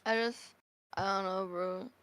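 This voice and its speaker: A woman's voice: medium pitch, steady tone, moderate pace, a bit bright. A woman co-streaming a game, giggly and teasing in casual commentary.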